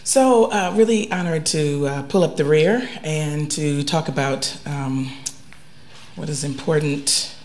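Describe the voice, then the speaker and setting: A woman professor speaking on a university seminar panel in a relaxed, earnest, conversational way. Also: sits low, takes it slowly. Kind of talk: seminar talk. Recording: echoey room.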